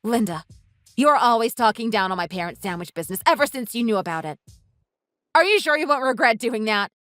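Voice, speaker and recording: A woman's voice: fairly high pitch, lively intonation, a little fast, fairly bright tone, no room sound, soft background music. A woman voicing an indignant young wife in a voiced texting story, scolding in an earnest, exasperated way. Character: indignant young wife defending her family.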